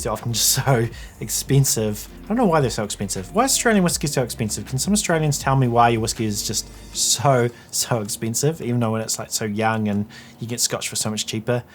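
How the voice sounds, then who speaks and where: A man giving a casual whisky tasting review, chatting and thinking aloud as he tastes. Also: mid-range voice.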